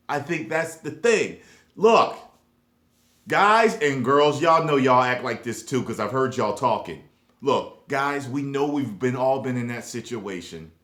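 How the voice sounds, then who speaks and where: Animated man ranting to camera. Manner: animated, swings between loud emphasis and low mumbled asides, profane. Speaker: YouTube vlogger. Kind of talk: casual rant to camera. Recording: echoey room.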